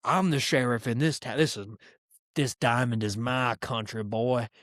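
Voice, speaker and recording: A man voicing a swaggering, power-drunk male baseball umpire who yells like a mock cowboy sheriff. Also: mid-range voice, moderate pace, no echo, studio quality, close to an everyday voice.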